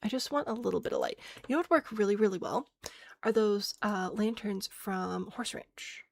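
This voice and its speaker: A woman's voice: medium pitch, normal speed, no room sound. A woman streaming a game, chatting casually, thinking aloud and answering chat with self-mocking laughs. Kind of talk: casual live-stream chat while playing.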